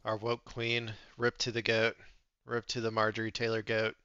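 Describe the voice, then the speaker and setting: A man streaming and reacting to news clips with blunt, sarcastic, profane commentary, often breaking into loud laughter. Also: lowish voice, monotone, moderate pace, clear, resonant tone, dry recording, highs cut off.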